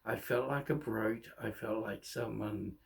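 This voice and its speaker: A middle-aged man telling his own life story in a candid, halting way, often restarting his sentences. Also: lowish voice, creaky. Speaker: vlogger. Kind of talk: personal storytelling monologue.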